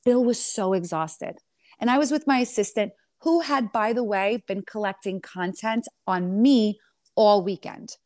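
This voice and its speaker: A woman reality TV star in an interview, telling her side of a clash in a sassy, animated way and calling the listener honey. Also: mid-range voice, measured pace, no echo, clean studio sound. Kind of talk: candid storytelling interview.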